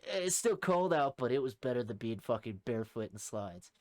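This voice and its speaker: A young man co-hosting a podcast, telling a rowdy story in casual talk, swearing heavily and shouting out the lines of people in it. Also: mid-range voice, sing-song, moderate pace, dry recording, studio quality. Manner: heavy swearing, acts out shouted quotes. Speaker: podcast co-host.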